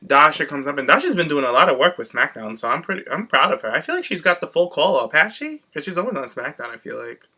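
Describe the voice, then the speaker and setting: Guy cohosting a wrestling podcast, super bright voice, kinda high, sassy and animated. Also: fast, few pauses. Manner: animated, sassy storytelling with slang. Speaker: podcast co-host. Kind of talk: casual chat.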